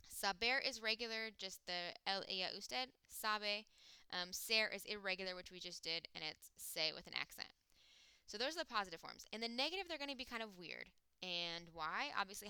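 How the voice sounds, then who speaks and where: A woman teaching a recorded language lesson, explaining step by step with frequent fillers and slowing down to sound out words. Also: medium pitch, pushed and bright, smooth, dry recording. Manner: slows down to sound out words and sings a mnemonic. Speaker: Spanish teacher. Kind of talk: recorded classroom lecture.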